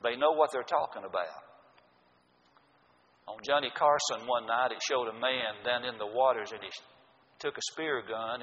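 A man's voice: mid-range voice, fairly bright tone. An older man, preaching a sermon with folksy, emphatic storytelling. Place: church sanctuary. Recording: dull lo-fi sound in a reverberant hall.

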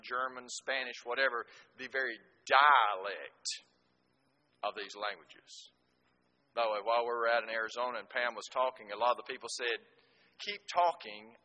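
A middle-aged man preaching a sermon, swinging from booming emphasis to slow, hushed scripture reading.

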